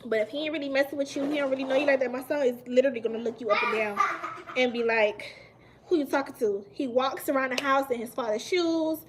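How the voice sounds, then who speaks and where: A woman, chatting casually with viewers on a live stream, animated and emphatic and laughing often. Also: high voice, quick pace, noisy background. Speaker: mukbang livestream host.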